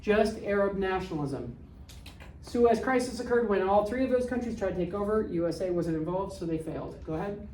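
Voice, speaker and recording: A woman's voice: medium pitch, warm tone, slight background noise. Blunt older woman teacher, echoey room. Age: 60s. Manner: blunt, quizzing students with rapid questions. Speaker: history teacher. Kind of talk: classroom lecture. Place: classroom. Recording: echoey room, distant mic.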